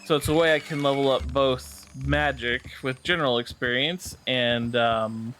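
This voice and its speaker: A man's voice: mid-range voice, moderate pace, fairly bright tone, soft background music. A man streaming a video game, talking casually and explaining its mechanics with frequent fillers. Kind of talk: casual gameplay commentary.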